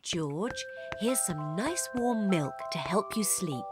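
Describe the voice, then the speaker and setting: A woman's voice: fairly low pitch, animated, takes it slowly, over loud music. An actress voicing a patient, caring mother pig in a children's cartoon.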